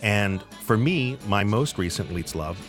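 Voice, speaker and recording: A man's voice: fairly low pitch, animated, measured pace, over loud music. A man from South Coast New England co-hosting a food podcast, chatting with enthusiasm and explaining things. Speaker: podcast co-host. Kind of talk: casual food podcast chat.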